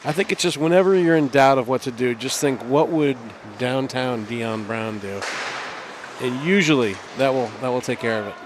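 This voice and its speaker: A man with a mid-pitched voice gives relaxed color commentary beside the play-by-play caller. He chimes in with short agreements and easygoing remarks, while a faint ambient hum sits under him. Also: quick pace, few pauses. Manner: laid-back, short agreeing interjections. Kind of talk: casual hockey color commentary.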